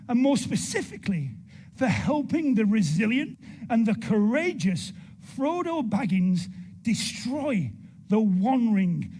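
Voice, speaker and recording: British man addressing a graduation ceremony, very high voice that swings widely, playful and animated. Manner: animated, playful, measured oratory. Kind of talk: ceremonial speech with jokes. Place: large ceremony hall with audience.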